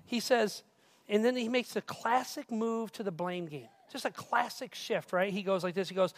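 A male pastor preaching a casual, animated sermon who keeps asking the crowd questions. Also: high voice, moderate pace. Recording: reverberant hall.

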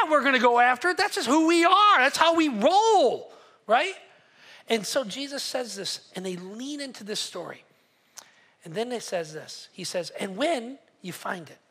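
Pastor preaching, bright sharp voice, keeps asking the crowd "what?", goes loud then real quiet. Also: medium pitch, breathy edge. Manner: call-and-response questions to the congregation; swings between loud acted quotes and hushed asides. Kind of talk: sermon.

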